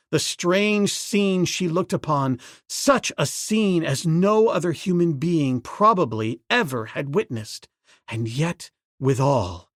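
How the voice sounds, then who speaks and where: A man narrating an adventure audiobook in a dramatic, measured way. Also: fairly high pitch, no echo, clean studio sound.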